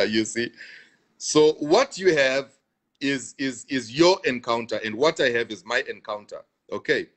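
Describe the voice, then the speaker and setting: A man's voice: mid-range voice, expressive, measured pace. A man, a pastor, talking on a live stream and answering viewer comments, repeating himself for emphasis and laughing between points.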